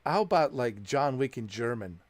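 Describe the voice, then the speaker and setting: A man's voice: mid-range voice, lively intonation, moderate pace. A man commentating casually over a story game, joking about dubbed films and laughing often. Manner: joking, mimics foreign accents and dubbing, laughs often. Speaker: gameplay streamer.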